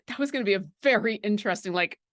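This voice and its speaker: A woman chatting casually on a livestream while painting miniatures, playful and full of quick asides. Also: mid-range voice, fairly bright tone, no echo, clean studio sound. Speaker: mini painting teacher.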